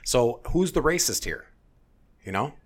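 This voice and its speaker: A man's voice: mid-range voice, sing-song, unhurried, slightly rough. A man hosting a casual chat, talking bluntly and heatedly, swearing often and restarting his sentences.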